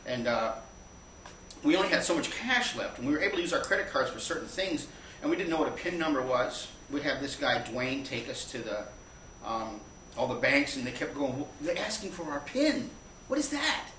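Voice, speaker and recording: A man's voice: medium pitch, pushed and bright. A man spins a meandering anecdote live on a small stage, his mid-range voice caught by a distant mic. The room rings with echo, and a faint hum of ambience sits under him. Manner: rambling, anecdotal, halting with restarts. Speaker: storyteller. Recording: echoey live room from far off.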